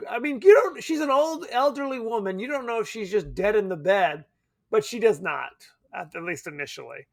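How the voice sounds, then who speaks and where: High-voiced man chatting about movies. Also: a little fast, gravelly, no room sound, studio quality. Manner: animated, laughing, swearing casually. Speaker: podcast co-host. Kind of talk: casual film discussion.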